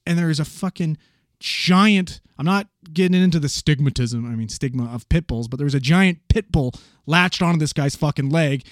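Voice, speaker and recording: A man casually telling a paramedic story, animated and swearing freely as he acts out the voices of the people in it. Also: on the high side, normal speed, dry recording, studio quality.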